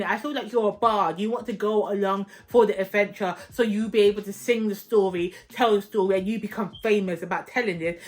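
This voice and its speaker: A young woman chatting in a casual book vlog, animated, opinionated and playfully dramatic. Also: fairly high pitch. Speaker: book vlogger. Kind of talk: casual reading-update vlog.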